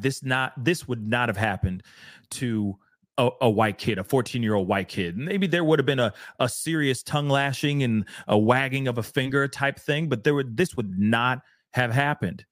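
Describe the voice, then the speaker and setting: A man's voice: medium pitch, moderate pace, fairly bright tone, no room sound, studio quality. A man co-hosting a casual talk show, speaking emphatically and repeating phrases for emphasis. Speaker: podcast co-host. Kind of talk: casual discussion.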